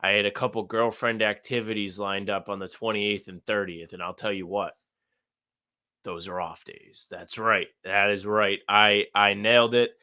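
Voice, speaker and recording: Young guy, podcast co-host, lowish voice with a bright edge, dry and easygoing. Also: flat delivery, normal speed, smooth. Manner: laid-back, dry humor, short replies. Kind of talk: casual sports podcast chat.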